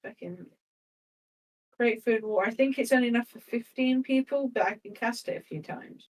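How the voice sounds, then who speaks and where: A woman's voice: fairly high pitch, normal speed, a little mellow, recorded from a distance, rough recording. A woman playing a tabletop game, chatty and laughing, swearing now and then as she talks through her character's actions. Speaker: player.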